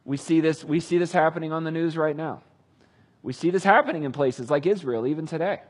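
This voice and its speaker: A man retelling a Bible story with casual, animated commentary. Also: on the high side, a little fast, slightly rough. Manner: animated, conversational. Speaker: Bible teacher.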